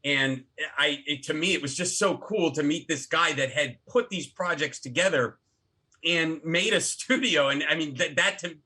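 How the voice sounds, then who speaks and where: A middle-aged actor and filmmaker telling stories as a podcast guest, animated and full of restarts. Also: male voice, on the high side, moderate pace, husky. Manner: animated storyteller with many restarts. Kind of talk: casual interview talk.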